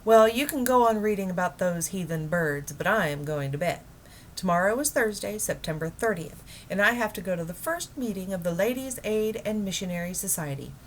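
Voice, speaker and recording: A woman reading a children's book aloud, voicing a practical, somewhat sharp middle-aged housewife. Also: mid-range voice, expressive, a little hiss or hum, close to an everyday voice. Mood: dismissive. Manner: brisk, a little sharp.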